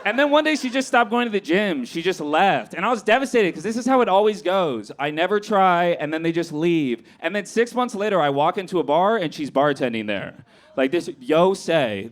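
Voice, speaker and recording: A young man performing a stand-up comedy set on a club stage, acting out his own lines in an animated way. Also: sits high, a little fast.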